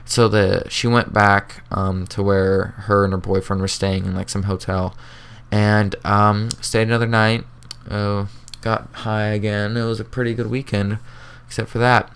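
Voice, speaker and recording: A teenage boy telling a story to his vlog camera. He talks in a laid-back, rambling way, swears casually and leans on fillers. His voice is low, smooth and clear. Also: level tone, unhurried, fairly bright tone. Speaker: vlogger.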